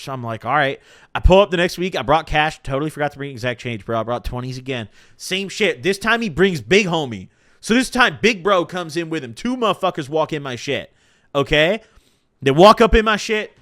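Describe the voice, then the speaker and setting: A man's voice: fairly high pitch, a little fast, dry recording, clean studio sound. A young man hosting a podcast live stream, telling stories in a casual, profane, slang-heavy way. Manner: profane, animated storytelling with slang. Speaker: podcast host.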